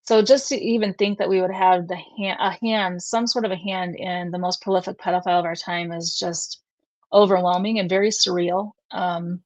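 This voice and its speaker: An earnest middle-aged woman recounts a personal story as a talk show guest, quoting other people as she goes. Her voice sits a little low. The sound is dry and close. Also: fairly even intonation, normal speed, dry recording. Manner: emotional, earnest, quotes others at length. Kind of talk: conversational storytelling.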